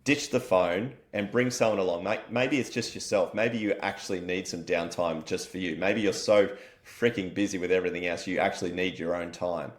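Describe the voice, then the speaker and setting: An Australian man, a wellness company founder, talking as a guest in an energetic, matey interview style and swearing casually. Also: low-pitched, brisk, few pauses.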